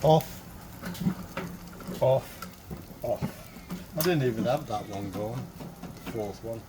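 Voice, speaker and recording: A cooking vlogger chats casually while he cooks and eats on camera, speaking slowly at medium pitch with background noise behind him. He's talkative and self-mocking, often talking with his mouth full.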